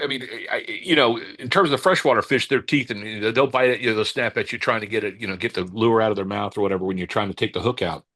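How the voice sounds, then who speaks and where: Low-voiced man telling fishing stories. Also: no echo. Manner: halting, with many restarts when searching for words; calm, unhurried anecdote telling. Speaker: cigar company owner, podcast guest. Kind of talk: casual interview storytelling.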